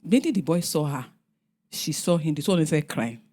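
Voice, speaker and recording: A woman's voice: low-pitched, moderate pace, noisy background. A middle-aged woman with a Nigerian accent, telling family stories on a panel and acting out what her relatives said. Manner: animated, acts out family members' lines. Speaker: guest speaker. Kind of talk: storytelling on a panel.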